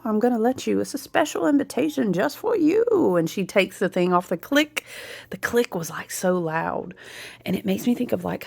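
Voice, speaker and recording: A woman telling a story in a casual, animated vlog, often checking in with her listeners. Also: on the low side, vocal fry, dry recording. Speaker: spiritual content creator.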